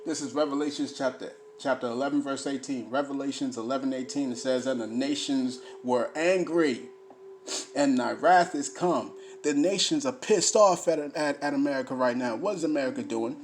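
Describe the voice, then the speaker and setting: A man giving an informal scripture teaching, repeating phrases for emphasis and swinging between loud preaching and low, muttered reading. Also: normal speed, slight background noise. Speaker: bible teacher.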